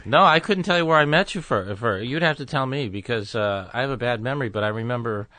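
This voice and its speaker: A man, a guest comedian in a casual interview chat, speaking slowly and deliberately with halting pauses and fillers. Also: mid-range voice, animated, bright, forceful tone, no room sound.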